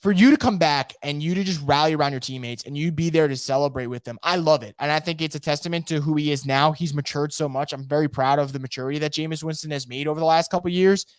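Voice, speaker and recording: A man hosting a casual live sports podcast from home, energetic and opinionated, rambling with frequent restarts. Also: a little high, quick pace, few pauses, clean tone, no echo, clean studio sound. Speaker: podcast host. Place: home room.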